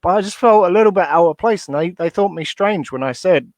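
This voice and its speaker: A man's voice: high voice, animated, fast, dry recording. A man who is a guest on a podcast, chatting casually, hesitant and restarting his sentences, chuckling between points. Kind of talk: casual chat.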